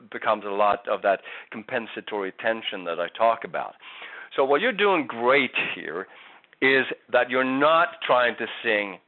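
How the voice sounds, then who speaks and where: A man coaching a singer, talking through feedback in an easy, conversational way. He often restarts his sentences and checks in with "right?" as he explains. His voice comes through thin and tinny, like over a phone line. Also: medium pitch. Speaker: vocal coach. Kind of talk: giving singing feedback on a recording.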